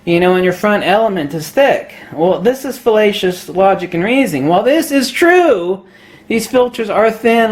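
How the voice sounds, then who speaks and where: A man ranting about camera gear to the camera, lecturing emphatically, laughing at his own jokes and putting on a mock Australian accent. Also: sits high. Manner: puts on a mock Australian accent, says mate a lot. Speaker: photography vlogger. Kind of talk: opinionated gear rant to camera.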